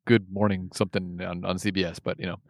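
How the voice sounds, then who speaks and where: Fast-talking man in casual chat. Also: sits low, little pitch movement, creaky, dry recording, clean studio sound. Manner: rambling, teasing, many fillers. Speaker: podcast co-host.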